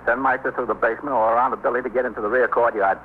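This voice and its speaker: An actor playing a police sergeant who calmly gives orders and coaxes an armed man to open the door, in 1950s radio drama style. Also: mid-range voice, rapid-fire, natural voice. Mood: commanding. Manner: calm, firm, coaxing. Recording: tinny old radio broadcast with faint hiss.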